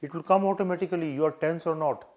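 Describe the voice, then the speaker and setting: A man's voice: a little high, quick pace, a little mellow. Older Indian man, interview coach, earnest and repetitive, acts out examples. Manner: earnest, repetitive advice with demonstrations. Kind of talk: live coaching session.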